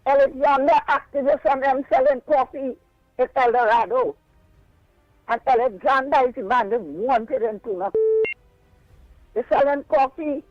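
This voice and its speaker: An older Trinidadian woman with a very high voice phones in to a radio show. She presses the same questions again and again. The phone line is muffled and dry. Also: dry recording. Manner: insistent, repeating questions. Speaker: caller. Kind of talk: call-in radio complaint. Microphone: telephone.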